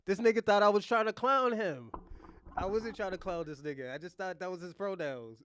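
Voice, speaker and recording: High-voiced mocking male livestreamer. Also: a little fast, a bit bright, slight background noise. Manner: mocking, laughs often, repeats himself. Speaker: livestream host. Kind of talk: casual livestream rant.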